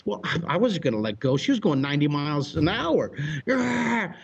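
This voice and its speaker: Husky, exuberant American storyteller. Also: male voice, on the high side, big pitch swings, quick pace, highs cut off. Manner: exuberant, with laughs and shouted sound effects. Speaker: drawing teacher, guest. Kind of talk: animated storytelling.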